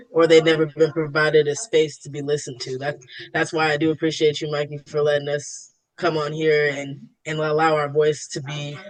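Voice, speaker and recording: Calm woman with a steady, even voice. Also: low voice, dry recording, low-quality recording. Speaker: guest musician. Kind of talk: casual podcast conversation.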